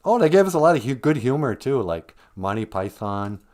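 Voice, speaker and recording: A man's voice: medium pitch, brisk. A man hosting a casual livestream who rambles, chuckles and reads out viewer comments between tangents. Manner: rambling, chuckling, animated asides. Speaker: livestream host.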